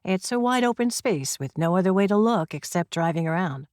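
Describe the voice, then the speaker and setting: A woman's voice: lowish voice, expressive, brisk, darkish tone, no room sound, studio quality, close to an everyday voice. A woman voicing a sarcastic male police constable who needles his colleague, in an audiobook reading. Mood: matter-of-fact.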